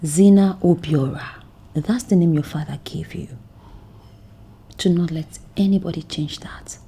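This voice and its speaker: A woman's voice: fairly low pitch, vocal fry, breathy edge, full character voice. A coaxing, possessive mother. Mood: insistent. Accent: Nigerian. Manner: slow, insistent, coaxing, often hushed. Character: controlling woman claiming to be a mother, coaxing. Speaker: actress in a film. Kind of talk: film drama acting.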